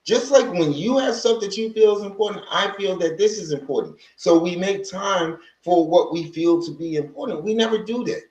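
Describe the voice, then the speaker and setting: A man's voice: high voice, moderate pace, few pauses, a little mellow, roomy sound, low-quality recording. A man hosting a casual livestream about healing, talking in a rambling, conversational way with many restarts and stopping to greet viewers from the chat. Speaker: livestream host on healing from narcissistic abuse. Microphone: livestream microphone.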